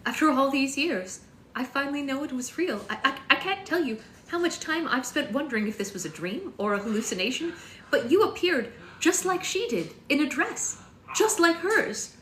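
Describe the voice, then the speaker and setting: A woman's voice: on the high side, very animated, quick pace, hardly any pauses. A woman reading aloud, voicing a stern older retired woman teacher who speaks with earnest wonder, in a roomy room with a faint hum.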